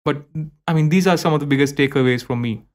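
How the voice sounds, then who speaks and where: Animated male host. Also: fairly high pitch, quick pace. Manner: lively and animated, mixes in Hindi words. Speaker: sports show host. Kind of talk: casual sports talk.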